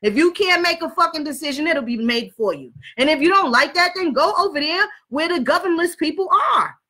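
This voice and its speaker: A woman telling a story and ranting in a blunt, profane, animated way. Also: high voice, fairly quick. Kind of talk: casual rant and storytelling.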